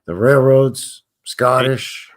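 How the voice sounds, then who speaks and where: A man's voice: medium pitch, slow pace. A man with a Canadian accent co-hosting a show, chatting casually and joking around in easy banter. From Western Canada. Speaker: podcast co-host. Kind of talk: casual chat.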